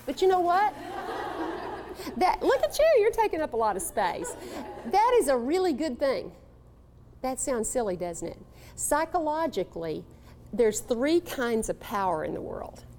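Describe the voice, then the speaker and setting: A woman from Texas giving a live motivational talk to an audience, animated and coaxing, calling on people in the room. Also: high voice, a little slow, a little hiss or hum. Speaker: motivational speaker.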